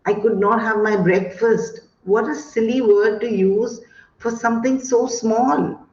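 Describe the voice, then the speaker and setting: Lady teaching over a video call, slow and emphatic, roomy muffled audio. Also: medium pitch, a little mellow. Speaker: guest speaker on education. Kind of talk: online lecture to teachers.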